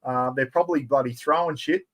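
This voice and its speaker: A middle-aged Australian man hosting a live giveaway stream, chatty and excitable, full of blokey slang. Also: mid-range voice, fairly quick. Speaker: livestream host.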